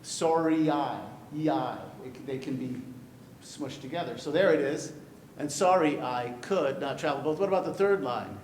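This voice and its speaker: A man gives a classroom lecture on verse, joking and quizzing his students as he goes. His voice sits a little high and carries a roomy echo. A faint low rumble runs under the recording. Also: normal speed. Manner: lively, jokey, asks the class questions. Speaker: poetry teacher. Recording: echoey room with light rumble.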